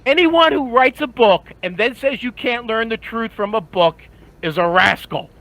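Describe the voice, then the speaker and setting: An older man talking heatedly in a casual group chat, indignant and animated. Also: very high voice, moderate pace, low-quality recording. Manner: animated, indignant, mocks others with voices. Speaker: podcast panelist.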